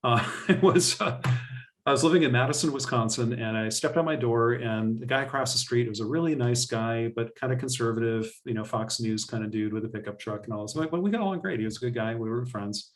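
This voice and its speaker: A man's voice: mid-range voice, quick pace, distant mic. A middle-aged man, a guest scientist, chatting casually and telling stories with lots of fillers and acted-out quotes. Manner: animated, acts out quoted voices, frequent fillers. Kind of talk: casual storytelling in an interview.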